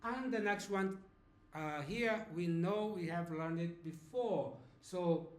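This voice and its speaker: A man's voice: high voice, echoey room. A man in his fifties from Brazil with a Brazilian Portuguese accent, teaching a beginner language lesson patiently. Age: 50s. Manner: slow, patient, checks in with "okay?".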